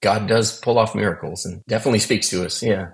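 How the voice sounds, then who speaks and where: Gravelly low-voiced man telling a story. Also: steady tone, fast talker, low-quality recording. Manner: earnest, conversational, acts out quoted dialogue. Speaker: guest sharing testimony. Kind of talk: storytelling testimony.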